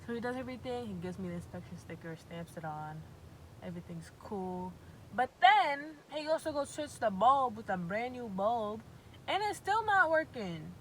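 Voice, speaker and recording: A young woman from Massachusetts telling a storytime vlog with animated, profane, exasperated storytelling. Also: a little high, moderate pace, slight background noise, rough recording. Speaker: vlogger.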